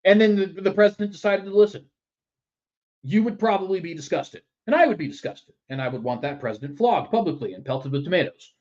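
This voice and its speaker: A man's voice: high-pitched, animated, a little fast, a little mellow, highs cut off. A man hosting a political commentary show in a sarcastic, mocking manner. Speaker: news commentary host.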